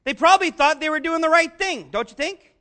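A man preaching a sermon, earnest and conversational, rising to shouts on key lines. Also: very high-pitched, a little fast. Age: adult, father of young children. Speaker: pastor.

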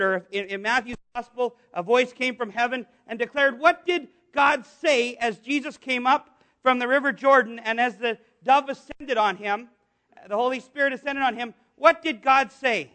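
A middle-aged man preaching a sermon as pastor, animated and asking his congregation questions. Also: very high-pitched.

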